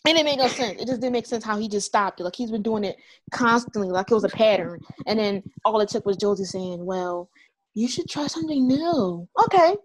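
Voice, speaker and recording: Cursing, ranting woman podcast host. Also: on the high side. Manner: animated ranting with heavy cursing. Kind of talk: casual chat.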